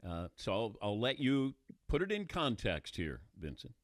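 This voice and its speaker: A man hosting a sports talk radio show, relaxed and dryly teasing with his guest. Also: on the low side, normal speed, no echo, studio quality.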